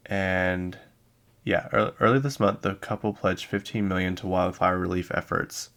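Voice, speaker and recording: Man, podcast host, casual chat, deep, gravelly, rambling, self-correcting. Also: level tone, normal speed, fairly bright tone. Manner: chatty and rambling, with many asides and self-corrections. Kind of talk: casual chat about pop music news. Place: lives in Utah.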